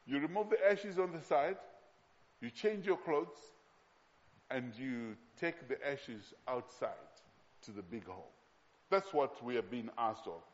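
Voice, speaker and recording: A man preaching a sermon from Zambia, emphatic and slowing down to repeat key phrases. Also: fairly high pitch. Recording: long hall reverb, dull sound.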